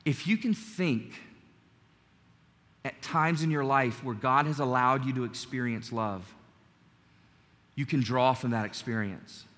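Bright-voiced preacher man in a reverberant hall. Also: medium pitch, measured pace, pauses often. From North Carolina. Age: 40s. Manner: storytelling, earnest, rising emphasis. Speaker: pastor. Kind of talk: sermon.

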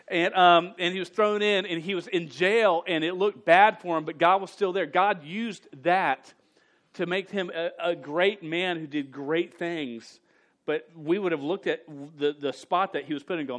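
A male pastor preaching a sermon to his congregation, often stammering and repeating words, with animated emphasis. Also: a little high, normal speed.

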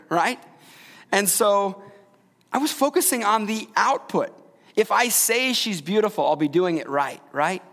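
A male pastor preaches in a relaxed, conversational manner and keeps checking in with his listeners with quick questions. His voice sits a little high for a man. It carries a long reverb from a large hall. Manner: conversational, asks the congregation questions. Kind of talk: sermon.

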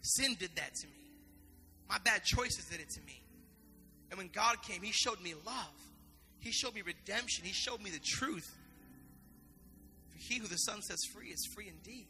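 Man, pastor preaching, high and very bright voice, impassioned, repetitive, reverberant hall. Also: animated, normal speed, pauses often, faint music behind. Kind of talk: sermon.

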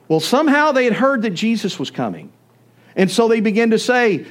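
Lively high-voiced preacher man. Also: moderate pace. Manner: animated storytelling, acts out voices. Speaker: pastor. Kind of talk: sermon.

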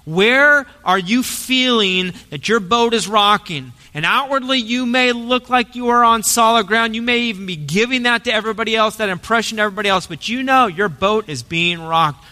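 High, bright-voiced preaching man in a hall. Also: normal speed, few pauses. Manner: dynamic preaching, swings from soft to forceful. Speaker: pastor. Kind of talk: sermon. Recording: long hall reverb.

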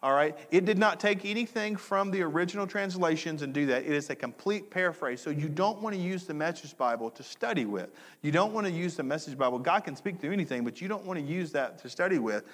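A man's voice: a little high, expressive, quick pace, hardly any pauses, a bit bright. A middle-aged man preaching a sermon to his congregation, talking conversationally, repeating key phrases and throwing questions back to the audience. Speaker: pastor. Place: church hall. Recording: long hall reverb.

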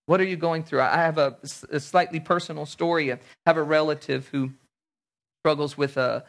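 A man preaching a sermon, animated, acting out little everyday scenes in different voices. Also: on the high side, normal speed, creaky. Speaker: pastor.

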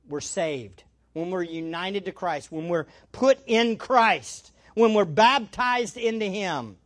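A pastor preaching an expository sermon to a room full of people, emphatic, posing rhetorical questions and answering them. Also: mid-range voice. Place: church room with an audience.

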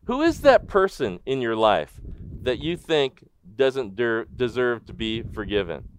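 A man preaching a sermon as pastor, animated in his storytelling and asking the congregation direct questions. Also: mid-range voice, a little slow, clean tone. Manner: animated storytelling, acting out the crowd's disbelief.

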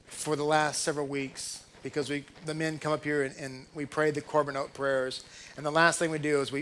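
A man's voice: fairly high pitch, a bit bright, a little hiss or hum. A man preaching a sermon as a rabbi, fervent and pleading, full of rhetorical questions. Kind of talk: sermon to a congregation.

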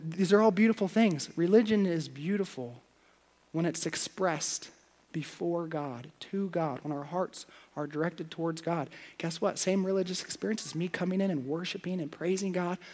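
A man preaching a sermon as pastor, confessional, going from hushed prayer to loud, playful asides. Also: fairly high pitch.

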